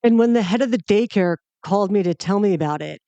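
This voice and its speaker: A woman hosting a comedy podcast, spinning a story in a wry, self-mocking way and blowing things up for laughs. Her voice sits at a mid pitch and sounds close and dry, with no room echo. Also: quick pace, mellow, smooth, lo-fi sound. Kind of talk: comic storytelling monologue.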